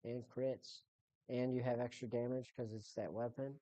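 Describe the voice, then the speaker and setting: A woman's voice: very deep voice, steady tone, moderate pace, dark tone, dry recording. A woman running a tabletop game as game master, narrating in a casual, rambling way with swearing.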